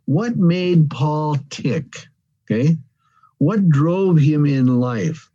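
A man leads an evening Bible study in a mellow, slightly husky voice. He explains each word carefully, repeats himself, and stresses the phrases that matter. The sound is dull and lo-fi. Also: on the high side, expressive, very slow. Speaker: Bible teacher. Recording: dull lo-fi recording.

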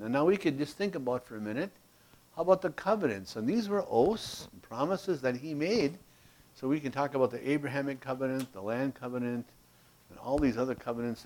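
A man with a medium-pitched voice leads a verse-by-verse Bible study, explaining passages and frequently checking in with "okay?" He reads the verses aloud with rising emphasis.

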